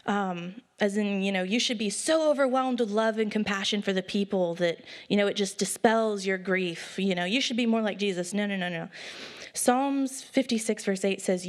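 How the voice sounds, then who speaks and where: Tender, tearful woman preaching. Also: medium pitch. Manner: tender, emotional, near tears; conversational with quick acted asides. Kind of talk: sermon. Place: church service.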